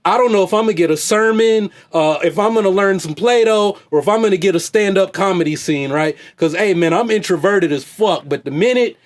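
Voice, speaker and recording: A man with a notably high-pitched voice talks straight to his viewers in a loose, slangy rant. He keeps circling back with "hey, man" and "right?", in the style of a coach talking to his athletes. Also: brisk, hardly any pauses. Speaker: vlogger and fitness coach. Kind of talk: off-the-cuff commentary rant.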